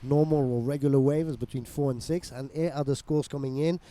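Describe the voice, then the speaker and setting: A man's voice: mid-range voice, fairly even intonation, brisk, dark tone, slight background noise. Man calling surf heats. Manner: reads viewer messages, slips into Spanish and French. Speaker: surf commentator. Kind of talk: live sports commentary.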